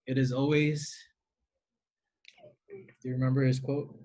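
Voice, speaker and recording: A man's voice: medium pitch, level tone, measured pace, a little mellow. Easygoing man from the Philippines. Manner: earnest, easygoing, many fillers and restarts. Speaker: guest teacher. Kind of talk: casual podcast chat.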